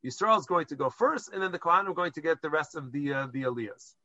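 High, bright-voiced man teaching Jewish law. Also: lively intonation, fast talker, no echo, dull audio. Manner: explanatory, mixes Hebrew and Aramaic terms with English; hesitant restarts while explaining. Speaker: rabbinic lecturer. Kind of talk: halacha lesson to a class.

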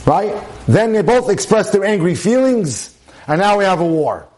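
The man's voice sits high, with big pitch swings, a darkish tone and normal speed. In a sermon-style address on marriage he speaks emphatically, repeating himself and asking rhetorical questions.

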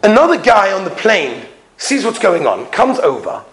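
A man's voice: high-pitched, sing-song, normal speed, a bit bright, slight background noise. A man who is a rabbi, telling stories in a sermon. He acts out the people in his stories and repeats phrases for emphasis. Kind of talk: storytelling sermon.

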